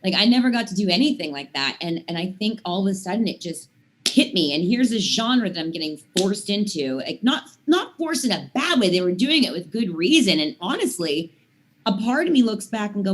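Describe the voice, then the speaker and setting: A woman's voice: medium pitch, big pitch swings, normal speed. A woman in her thirties, a singer guesting on a talk show, telling long stories in casual chat with lots of "I mean" and "like". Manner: rambling storyteller, many "I mean" and "like" fillers.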